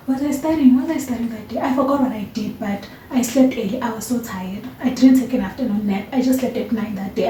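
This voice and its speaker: A young woman with a South African accent chats her way through a storytime in an expressive, filler-heavy manner. Her voice sits a little high but has a mellow, soft tone. It sounds like she is sitting back from the mic in an echoey room, with a faint hiss underneath. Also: recorded from a distance. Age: young adult. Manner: chatty and expressive, with frequent fillers. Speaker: university student vlogger. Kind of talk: casual storytime chat.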